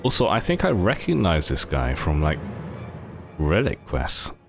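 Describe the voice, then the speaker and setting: A man's voice: low-pitched, huge pitch swings, a little slow, vocal fry, a bit bright, soft background music. A man live-streaming a game, reacting in a chatty, wry way. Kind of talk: casual live-stream commentary.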